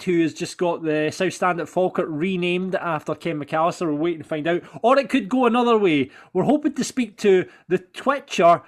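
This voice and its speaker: A man hosting a podcast, moving briskly on to the next segment and plugging the show. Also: high voice. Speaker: podcast host.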